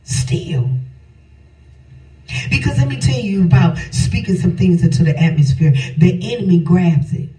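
A woman's voice: lowish voice, brisk, hardly any pauses. Older woman preaching in a roomy hall. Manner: impassioned sing-song preaching with shouted phrases. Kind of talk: sermon. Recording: echoey hall, voice from a distance, faint music.

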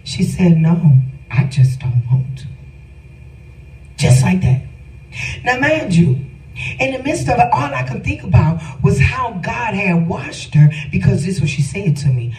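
A woman's voice: medium pitch, animated, normal speed, a little mellow. A middle-aged woman telling a personal testimony with feeling, speaking emphatically and addressing her listeners directly. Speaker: storyteller giving a testimony. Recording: roomy sound from a distant mic with faint music.

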